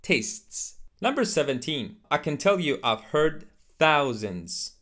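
A man teaching English pronunciation, repeating each word slowly and deliberately for learners. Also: a little high, very animated, fairly bright tone. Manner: slow, deliberate repetition of words for learners. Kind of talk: scripted lesson to camera.

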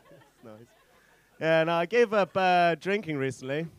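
A man's voice: on the high side, lively intonation, measured pace, clean tone, no room sound, some chatter behind. A young man performing a stand-up set on a comedy club stage, rambling and self-deprecating, swearing a lot between fillers.

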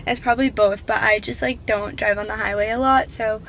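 A woman's voice: medium pitch, steady tone, a little fast, a bit bright, highs cut off, slight background noise. A young woman talking casually to her viewers from a parked car, chatty and nervous, with lots of "like". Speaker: vlogger. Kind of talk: casual vlog chat.

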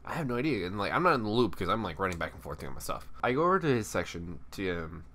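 Casting: young guy from Texas, deep voice, chatty vlog storyteller who acts out the people he talks about. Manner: animated, acts out coworkers and guests in quick put-on voices. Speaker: YouTuber telling a work story.

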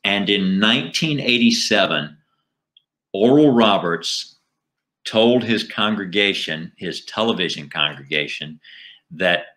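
Bright-voiced middle-aged comedian. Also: male voice, deep voice. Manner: animated anecdotes with jokes. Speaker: comedian ventriloquist guest. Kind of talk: casual storytelling interview.

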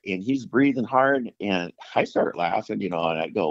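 A man's voice: on the low side, moderate pace, few pauses, no echo. A middle-aged outdoorsman telling a story casually, rambling with fillers and restarts and acting out the dialogue. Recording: dull lo-fi dry sound.

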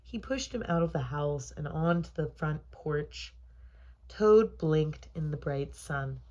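A young woman at home reading a children's book aloud to her dog, talking in a soft, gentle, unhurried way. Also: low-pitched, lively intonation, highs cut off. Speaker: home reader. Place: home corner indoors.

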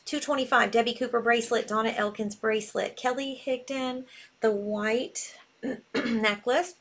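A bubbly woman hosts a live selling stream and gushes freely. Her voice sits a touch high for a woman, bright with easy enthusiasm. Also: steady tone, measured pace. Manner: bubbly, gushing. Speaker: live sale host.

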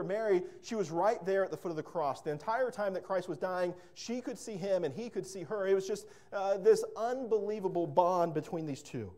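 A man's voice: high voice, mellow. A man preaching a sermon as pastor, fervent and emphatic, repeating words and breaking into storytelling asides.

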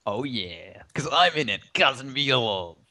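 A man putting on a cocky, slow-drawling voice for a young male pizza-boy assassin. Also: medium pitch, animated, bright, forceful tone.

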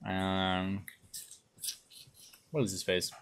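A young man streaming a game live, chatting along casually and breaking into loud excited exclamations. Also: low voice, very slow, a little hiss or hum. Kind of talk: live gameplay commentary.

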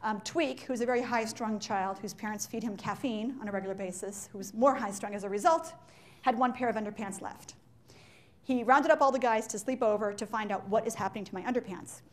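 A woman giving a live business talk to an audience in an animated, joking way, firing questions at the listeners. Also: a little high, brisk. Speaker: leadership speaker.

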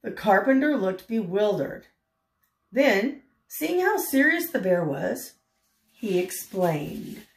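An older woman reading a picture book aloud in a gentle way, pausing to ask the listener questions. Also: medium pitch, big pitch swings, creaky. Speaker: storyteller. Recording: roomy echo.

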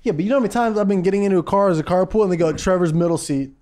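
A young man co-hosting a podcast, telling animated stories in casual chat and swearing freely. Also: sits high, racing. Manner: animated storyteller, swears freely, acts out quotes. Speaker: podcast co-host.

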